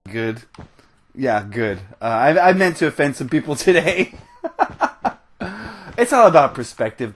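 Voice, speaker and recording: A young man from the United States talks over his gameplay in a fired-up, rambling rant, stopping now and then to laugh. His voice sits a bit high for a man. It sounds like a close headset mic. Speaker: gaming channel host. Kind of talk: ranting commentary over gameplay.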